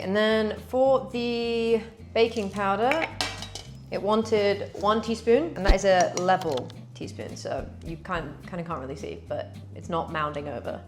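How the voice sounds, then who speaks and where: A woman chatting casually to viewers as she bakes in a cooking vlog. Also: mid-range voice. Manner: chatty, talks to viewers while working. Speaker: cooking vlogger.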